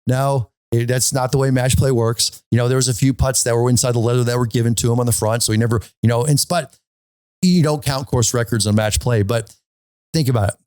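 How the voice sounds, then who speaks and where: A man's voice: mid-range voice, a little fast, clean tone, no echo. A man hosting a golf podcast, telling a story casually and animatedly, often stopping to ask "okay?". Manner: animated, repeats himself, often asks "okay?".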